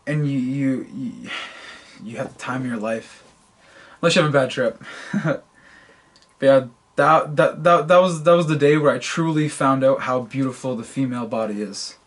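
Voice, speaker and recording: A man's voice: medium pitch, moderate pace. A man co-hosting a casual podcast, telling stories and often stammering and repeating his words. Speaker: podcast co-host. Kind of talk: casual storytelling chat.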